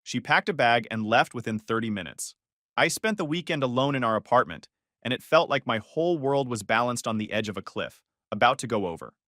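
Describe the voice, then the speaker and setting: A man's voice: mid-range voice, lively intonation, brisk, a bit bright, dry recording, studio quality. A man narrating a first-person story in a confessional, tense tone.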